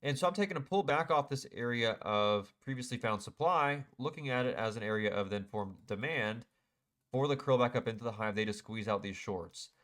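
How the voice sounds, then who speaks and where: A man's voice: medium pitch, lively intonation, a little fast, a bit bright. Man, young adult, trading recap vlog, mid voice, self-critical and irritated with his losses. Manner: self-critical, frustrated, talks through chart mistakes. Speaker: day trader. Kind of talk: casual screen-share trade recap.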